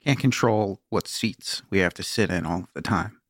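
A man co-hosting a casual comedy podcast. He reads product pitches aloud in a mocking tone, swears freely and laughs often. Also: normal speed, dry recording, studio quality. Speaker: podcast co-host.

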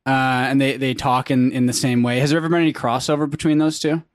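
A man's voice: medium pitch, level tone, no echo. A man hosting a podcast, asking guests questions in a chatty, easygoing way. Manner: chatty, asks questions, quick agreement. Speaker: podcast host. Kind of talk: casual podcast chat.

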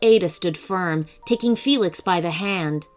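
A woman narrating a children's story in an expressive, animated way, with soft music behind. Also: on the low side, measured pace.

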